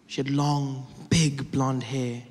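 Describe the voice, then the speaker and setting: A man performing stand-up comedy, telling stories in an animated way on a theater stage, recorded in a hall with a laughing crowd. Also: medium pitch, slow pace, a little hiss or hum. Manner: animated storytelling.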